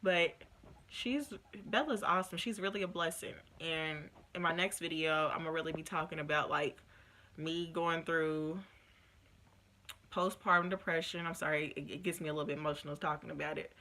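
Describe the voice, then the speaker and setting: A woman's voice: sits low, normal speed, a little hiss or hum. Emotional young woman telling a story. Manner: emotional, animated retelling with quoted voices. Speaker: vlogger. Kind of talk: casual storytime.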